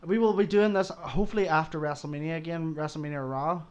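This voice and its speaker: A man with an Irish accent chats loosely on a live stream, his voice sitting a touch high. He laughs often, swears freely and rambles from one thought to the next. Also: fairly even intonation, fast, darkish tone, highs cut off. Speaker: streamer co-host. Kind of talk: casual chat.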